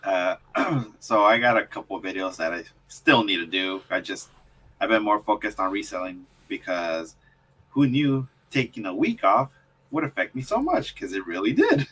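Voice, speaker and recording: Bright, low-pitched man chatting casually. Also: sing-song, normal speed, husky, poor audio. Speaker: reselling youtuber and co-host. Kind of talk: casual chat.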